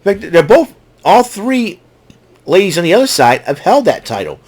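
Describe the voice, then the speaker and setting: A man recapping a wrestling show in casual unscripted talk, halting often with fillers and restarts, speaking as an enthusiastic fan. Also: high voice, very animated, a little mellow, slightly rough.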